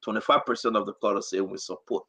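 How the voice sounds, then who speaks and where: A man hosting and moderating a call-in talk show, animated and directing callers. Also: fairly low pitch, quick pace, a crowd in the background.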